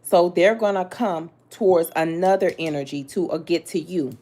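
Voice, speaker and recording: A woman's voice: on the low side, moderate pace, warm tone. Blunt, sassy woman reading tarot. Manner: blunt, sassy, talks straight to the listener with slang and cursing. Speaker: tarot reader.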